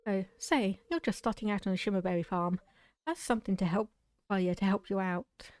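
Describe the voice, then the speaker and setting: Brief: a woman doing a hearty Scottish farmer man, folksy and cheery, quick-paced game dialogue, dry close sound. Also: mid-range voice, a little mellow, dry recording, close to an everyday voice.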